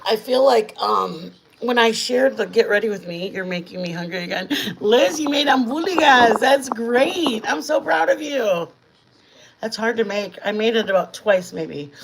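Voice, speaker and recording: A middle-aged woman hosting a casual home-kitchen live stream, chatting in a rambling, warm way with her viewers. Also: medium pitch, gravelly, rough recording. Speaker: channel host. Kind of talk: casual chat while cooking, live stream.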